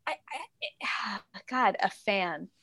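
A woman co-hosting a podcast, talking in a lively, casual way, acting out quotes and swearing freely. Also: drawn-out words. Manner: animated, acts out quotes with big pitch jumps. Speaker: podcast co-host. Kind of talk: casual chat.

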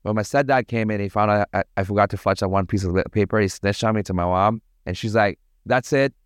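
A man from Toronto, a podcast guest telling stories in a casual, animated, slangy way. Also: fairly low pitch, fast, clean tone, no echo, studio quality. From Toronto, Canada. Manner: animated, slangy, acts out voices in his anecdotes. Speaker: podcast guest, party promoter. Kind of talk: casual storytelling.

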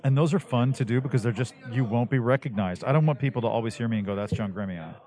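Man with a radio-ish voice, animated. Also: mid-range voice, racing. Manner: animated storyteller, acts out quotes. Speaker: voice actor guest. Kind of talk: casual interview chat.

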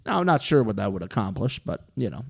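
A man's voice: fairly low pitch, fast talker, creaky, breathy edge. A man hosting a casual podcast chat, animatedly recapping events and acting out what people said. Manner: animated recapping with acted-out quotes. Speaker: podcast host.

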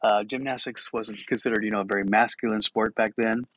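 A man's voice: on the low side, fairly even intonation, brisk, a bit bright, slight background noise, poor audio. A middle-aged man hosting a podcast, telling self-mocking stories and laughing through them. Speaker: podcast host. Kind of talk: storytelling monologue.

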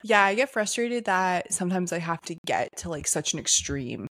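A young woman with a very low voice, co-hosting a casual podcast chat. She talks candidly and reflectively and laughs between her phrases. The room sounds dry, with no echo. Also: very animated, moderate pace, a bit bright. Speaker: podcast co-host.

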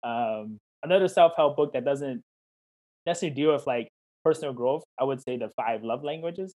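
A man's voice: medium pitch, brisk. A man speaking as a life coach over a video call, his voice sitting in an ordinary middle range. He talks casually and encouragingly, slipping into quoted back-and-forth to make his points. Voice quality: warm, encouraging, talks in questions and quoted dialogue. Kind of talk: interview answers, casual chat.

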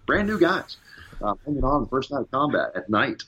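A former fighter pilot telling a casual story in an interview, fast and animated, acting out radio calls as he goes. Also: medium pitch, husky.

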